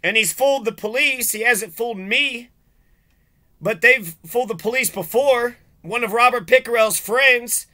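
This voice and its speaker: Man, sharp tense voice, ranting vlog commentary, profane, sarcastic. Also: very high-pitched, normal speed. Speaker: vlogger.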